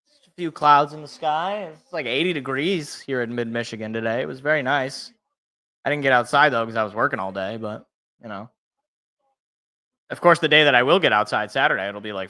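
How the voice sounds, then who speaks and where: A man's voice: mid-range voice, pushed and bright. A young man hosting a live reaction stream, chatting casually and thinking aloud as he reacts, chuckling to himself now and then.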